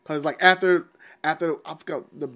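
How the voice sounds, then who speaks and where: A man's voice: fairly high pitch, steady tone, a little fast, a bit bright. A man chatting casually on a podcast, rambling, swearing and laughing as he goes. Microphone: studio mic without cover.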